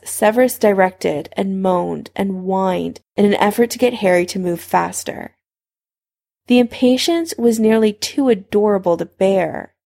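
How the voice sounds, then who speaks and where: A woman reading a fan fiction story aloud at a steady, unhurried pace. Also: medium pitch, vocal fry. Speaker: narrator.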